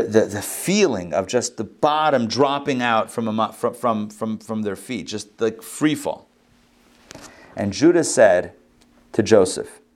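A man teaching a live Torah class as a rabbi, telling the story with lively voiced dialogue and frequent restarts. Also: medium pitch. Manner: animated, acts out biblical dialogue with many restarts.

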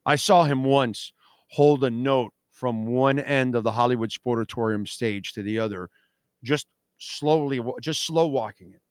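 A man's voice: medium pitch, measured pace, no room sound, clean studio sound. A man hosting a radio show, talking casually and emphatically, often repeating himself and answering listener comments. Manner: emphatic, repeats "no, no, no", reacts to chat. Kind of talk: casual opinionated radio talk. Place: radio studio.

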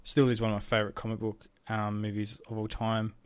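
A man's voice: fairly low pitch, monotone, brisk, smooth, no room sound. A young man co-hosting a podcast in casual chat, rambling with many ums and some swearing. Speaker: podcast co-host.

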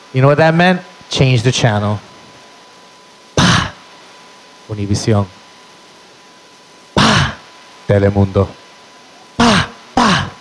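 A man's voice: medium pitch, a little hiss or hum, rough recording. A young man doing a stand-up comedy set, telling punchy, profane stories to a live audience. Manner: brash, profane, punchy storytelling. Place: live show venue with audience.

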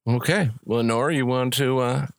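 Gravelly-voiced host nudging people to share, dry sound. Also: medium pitch, normal speed, no room sound. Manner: prompting others to speak. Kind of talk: casual chat.

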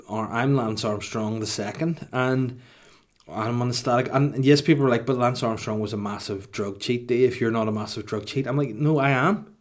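A man hosting a comedy podcast alone, rambling and self-mocking as he jokes. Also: fairly low pitch. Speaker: podcast host. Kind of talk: comic solo podcast monologue.

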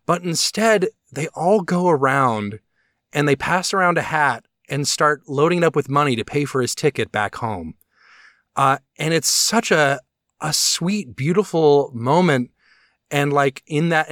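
A man's voice: fairly high pitch, fairly bright tone, no echo, clean studio sound. A man co-hosting a podcast, talking in a casual, enthusiastic, rambling way with many restarts and fillers. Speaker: podcast co-host. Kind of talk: casual chat.

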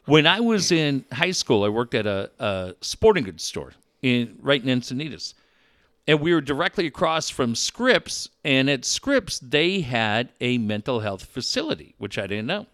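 A man's voice: medium pitch, moderate pace, no room sound, clean studio sound. A man telling stories in a casual chat, swearing often and acting out the people he quotes. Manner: profane, animated, acts out quoted people.

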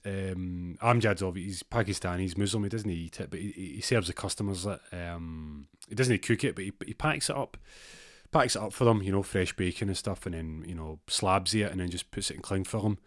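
Low-voiced Scottish man, casual storyteller, rambling and digressive, dry close sound. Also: brisk, no room sound. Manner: rambling, digressive, laughs at own tangents. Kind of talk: casual anecdote.

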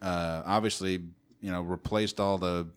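A man's voice: low-pitched, fairly even intonation, a little slow, smooth. A man chatting casually as a podcast co-host, laid-back, jokey and profane. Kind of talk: casual banter.

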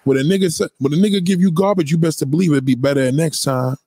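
A man's voice: a little high, quick pace, dark tone, husky, dry recording. A man giving blunt, profane opinions in a casual, emphatic rant, often repeating himself. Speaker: commentator.

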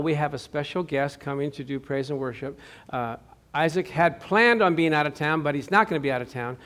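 A man preaching a sermon as pastor, telling stories with acted-out quotes and putting questions to the congregation. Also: on the high side. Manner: lively storytelling with acted-out quotes, asks the audience questions.

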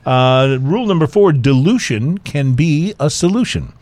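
Man, cohost, casual chat, relaxed, hesitant, many fillers. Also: a little high, a little slow. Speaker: co-host. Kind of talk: casual chat, reading out points.

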